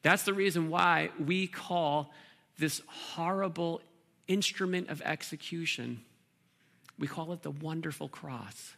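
A man preaching a sermon as pastor, earnest, with pauses and repeated words. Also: fairly high pitch, vocal fry, bright, forceful tone.

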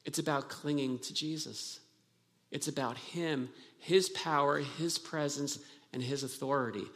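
A man's voice: fairly high pitch, steady tone, a little slow, a bit bright. A pastor preaching a sermon, earnest and emphatic, often restarting his phrases. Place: church sanctuary. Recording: long hall reverb from a church.

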